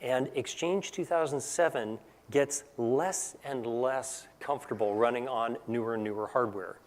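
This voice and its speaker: Speaking at an unhurried pace with a medium-pitched voice, a technical presenter addresses a large conference hall. He keeps things relaxed and chatty, ending points with "right?".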